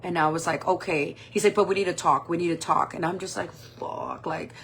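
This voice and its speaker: A woman's voice: on the low side, fast. Woman in her 40s telling a wild story while doing makeup, lots of swearing, acts out every line, faint noise behind. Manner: animated, swearing, acting out quoted dialogue. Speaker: makeup vlogger.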